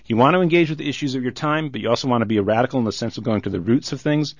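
A male radio host running a pledge drive, slowly repeating the station's call-in number. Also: mid-range voice, no echo. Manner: slow, repeats the phone number. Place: radio studio. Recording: dull lo-fi radio broadcast, dry.

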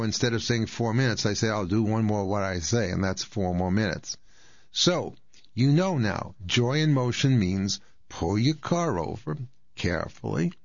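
A man's voice: on the low side, no echo, lo-fi sound. A man in his sixties hosting a radio talk, explaining things step by step in a chatty way. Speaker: radio host. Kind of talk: casual health talk.

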